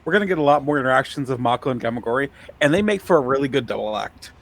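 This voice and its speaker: A man's voice: medium pitch, expressive, rapid-fire. A man co-hosting a podcast, giving casual analysis and often restarting his sentences. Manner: repeats himself as he starts thoughts. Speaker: podcast co-host.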